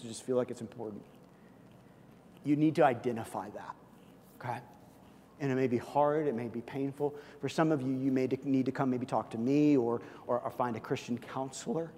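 Animated preacher in a reverberant hall. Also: male voice, mid-range voice. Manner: storytelling, animated, jokes with the congregation. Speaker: pastor. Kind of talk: sermon. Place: church hall. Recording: long hall reverb, faint room noise.

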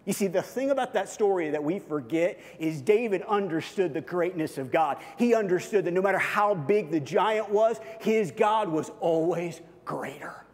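A man delivers a sermon in a relaxed, storytelling manner, slipping into the voices of the people in his Bible stories. His voice sits a little high for a man. The sound carries a long reverb, as if from a large hall. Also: moderate pace, hardly any pauses. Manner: lively storytelling, acts out biblical quotes casually. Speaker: pastor.

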